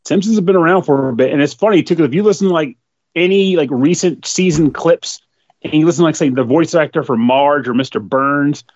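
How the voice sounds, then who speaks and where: A man's voice: a little high, a little fast, darkish tone. A man chatting casually with friends, rambling through stories and laughing often as he talks. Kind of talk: casual group chat. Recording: dull lo-fi recording.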